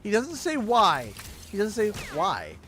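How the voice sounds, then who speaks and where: A Canadian man in his thirties chatting casually while playing a game, telling animated stories and laughing often. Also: high-pitched, measured pace, a little hiss or hum. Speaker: gaming YouTuber.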